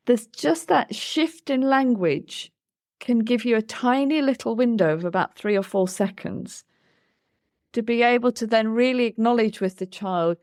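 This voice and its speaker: A woman's voice: on the high side, normal speed, a little mellow, no room sound, clean studio sound. A woman, a play therapist co-hosting a podcast, explaining her approach in an earnest, thoughtful conversation. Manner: earnest, explains with acted examples of what she says to children.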